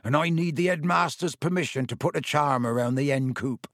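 A man voicing a huge, big-hearted gamekeeper who talks in a loud, hearty, folksy way. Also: fairly high pitch, brisk, dry recording, studio quality. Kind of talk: audiobook character voice.

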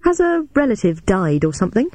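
A man's voice: high voice, sing-song, darkish tone, no echo, voice pushed up. A male narrator voicing a frank, wry young woman detective with a raised voice. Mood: surprised. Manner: questioning, frank, quick.

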